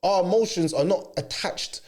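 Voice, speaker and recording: A man's voice: high voice, moderate pace. A young man, co-hosting a casual chat and acting out quoted voices. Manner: animated, acts out quoted voices. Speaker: podcast host.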